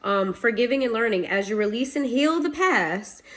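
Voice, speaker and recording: A woman's voice: on the high side, lively intonation, normal speed. A woman giving a casual tarot reading to her viewers, blunt and swearing, laughing now and then. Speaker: tarot reader.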